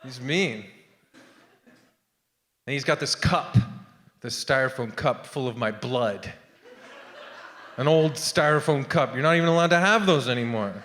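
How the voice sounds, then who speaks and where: A man's voice: mid-range voice, a little slow, pauses often, fairly bright tone. A man in his thirties performing a rambling stand-up comedy set, with asides to the crowd. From Canada. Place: theatre stage. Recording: long hall reverb of a theatre.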